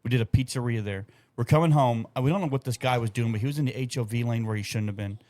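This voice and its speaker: A man's voice: mid-range voice, rapid-fire, a little mellow. A young adult man, telling stories in a loose, profane way on a casual podcast. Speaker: podcast co-host. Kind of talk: casual chat.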